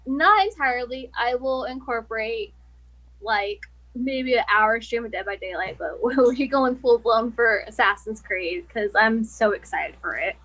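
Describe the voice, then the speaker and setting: A young woman as a guest in a casual interview, relaxed and giggly, giving short answers. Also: a little high, measured pace, rough recording. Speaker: guest streamer.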